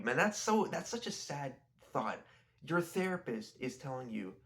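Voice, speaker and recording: A young man with a gravelly, creaky edge talks in a loose, rambling way about a movie. His pitch sits in an ordinary middle range. He keeps breaking off and restarting his sentences as his thoughts run on. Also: sing-song, moderate pace, fairly bright tone. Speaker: video creator. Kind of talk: casual rambling movie review.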